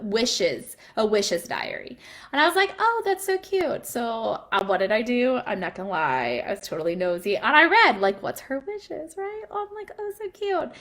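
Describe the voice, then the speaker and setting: A woman in her thirties chatting casually to the camera as a mom vlogger, animated and laughing as she tells family stories. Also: medium pitch.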